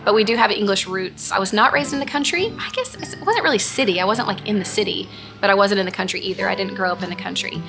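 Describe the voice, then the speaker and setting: Gravelly-voiced woman, music behind. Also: medium pitch, animated, fast talker. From Texas. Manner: earnest and gushing, repeats phrases. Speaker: host. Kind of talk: casual Q&A chat. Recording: music playing in the background.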